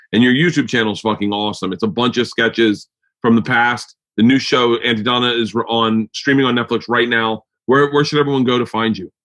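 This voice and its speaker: A man hosting a podcast in casual chat, telling stories in a loose, rambling way with plenty of swearing. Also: mid-range voice. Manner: loud, swearing, rambling storyteller. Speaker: podcast host.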